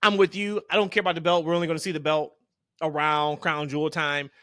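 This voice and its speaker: A man's voice: fairly high pitch, flat delivery, quick pace, fairly bright tone, no echo, clean studio sound. A man hosting a podcast, chatty and upbeat, often laughing as he talks. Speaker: podcast host. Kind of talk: casual podcast chat.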